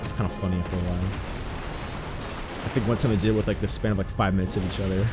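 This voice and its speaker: A man's voice: low voice, fairly even intonation, fast talker, music in the background. A young man chatting casually while he streams a game, rambling and mocking his own mistakes. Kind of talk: casual gameplay commentary.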